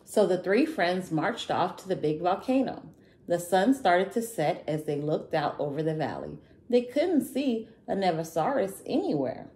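A woman narrating a children's picture book aloud in a gentle, expressive way. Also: fairly low pitch, a little slow, roomy sound. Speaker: children's storyteller.

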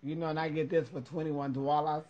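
A man hosting a casual chat, swearing freely, excitable and loud when reacting to gossip. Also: fairly high pitch, fairly quick, dull audio. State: high, burping. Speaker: host.

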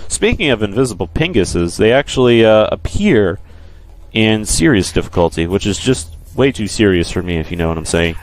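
A man's voice: lowish voice, very animated, moderate pace. A man giving joking, profane commentary while playing a video game, repeating his jokes. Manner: goofy, profane, repetitive. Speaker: let's play host.

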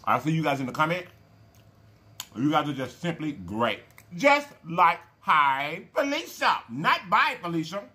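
Hosting his laid-back mukbang channel, a man talks with a fairly high, sing-song voice that is a little slow, pushed and bright. He's folksy and chatty, hums over his meal, and addresses viewers as y'all and baby.

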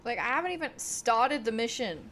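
A woman's voice: fairly high pitch, lively intonation, a little fast, bright, forceful tone, slight background noise. An Australian woman giving dramatic, exasperated let's-play commentary as a gaming streamer, swearing often.

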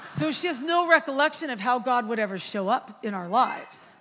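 A middle-aged woman, a guest worship leader, preaching in a relaxed storytelling way and acting out dialogue in a softer, lower voice. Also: moderate pace, few pauses, long reverb tail, a little hiss or hum. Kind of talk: storytelling sermon.

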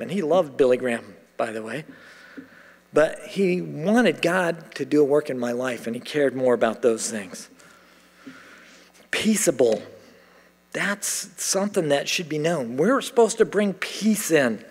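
A middle-aged American pastor preaches with lively storytelling, slipping into the voices of the people he quotes. His voice sits somewhat high for a man, and a long church reverb trails after his words. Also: moderate pace. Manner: animated storytelling, acting out quoted voices with laughs. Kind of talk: sermon. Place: church sanctuary.

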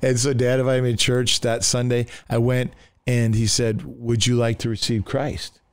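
Pastor man, smooth, close and dry. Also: mid-range voice, little pitch movement, normal speed, no room sound. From United States. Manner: rambling storyteller with many restarts and fillers; acts out quoted voices in his story. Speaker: pastor telling his testimony. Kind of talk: casual testimony in a podcast conversation.

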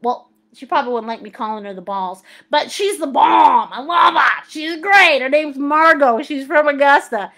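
A woman's voice: high-pitched, lively intonation, normal speed, vocal fry, hardly any pauses, fairly bright tone. A middle-aged woman hosting a live painting class, bubbly and laughing often as she reads out viewers' comments and calls them sweetie and honey. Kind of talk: live-stream chat, reading viewer comments aloud.

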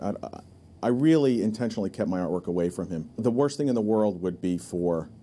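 A man recounting a personal story in a documentary interview, with halting restarts. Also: on the low side, warm tone. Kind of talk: reflective storytelling.

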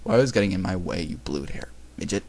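A man's voice: sits low, expressive, quick pace, a little mellow, pitched below the performer's own voice. A man voicing a whiny, brainwashed teenage anime schoolgirl in a sulky way. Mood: taunting.

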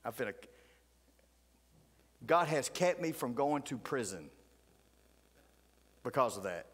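A middle-aged man, a pastor telling folksy stories in a sermon, flaring loud, then dropping to hushed asides. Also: medium pitch, sing-song, takes it slowly, husky. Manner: folksy, fiery, swings between loud outbursts and hushed asides. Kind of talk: animated storytelling sermon. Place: church sanctuary. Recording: church hall reverb.

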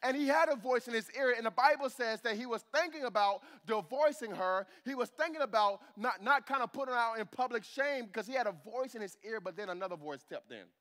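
Pastor, male, higher register, animated sermon delivery, works the congregation. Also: fairly quick, few pauses. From United States. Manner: animated preaching, calls to the congregation for amens. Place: church sanctuary.

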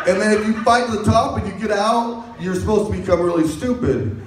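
A male stand-up comic with a high voice who rambles through crude jokes and often laughs at them himself. His set rings through a very echoey room. He sounds well back from the microphone. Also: lively intonation, fairly quick, noisy background. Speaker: stand-up comedian. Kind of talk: stand-up routine. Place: comedy stage. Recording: echoey room, mic far off.

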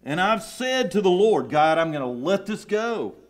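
A man's voice: high-pitched, sing-song, normal speed. A middle-aged man with a Southern US accent, preaching a sermon in a church sanctuary with emotional, emphatic swells. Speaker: pastor.

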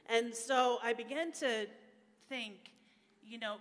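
A woman's voice: fairly high pitch, steady tone, slow pace, a bit bright. An American woman, a guest speaker, telling her personal testimony in a church service, candid and emotional with frequent fillers. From USA. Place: church hall, live-streamed service. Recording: echoey church hall.

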